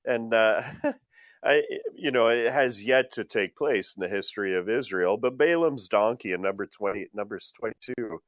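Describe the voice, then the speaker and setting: A man's voice: on the low side, lively intonation, normal speed, no echo, studio quality. A man co-hosting a Bible study discussion, talking with chuckles and frequent hesitant fillers. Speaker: co-host.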